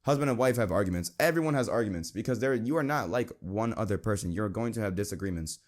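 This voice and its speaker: A man's voice: expressive, fast. A young man hosting a Christian podcast, talking earnestly and casually and reading verses aloud. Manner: earnest, conversational, quotes scripture, mimics friends in a high voice. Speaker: podcast host.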